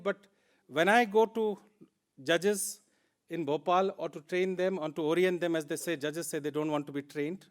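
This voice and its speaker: A man with an Indian English accent giving a plenary conference talk, earnest and emphatic, repeating words for stress. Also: high voice. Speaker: conference speaker.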